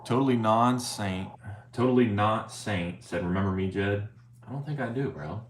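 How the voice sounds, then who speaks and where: A man's voice: on the low side, moderate pace. A young man chatting casually on a live stream, rambling and swearing, often saying "bro" and reading viewer chat aloud. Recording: roomy, faint ambient noise.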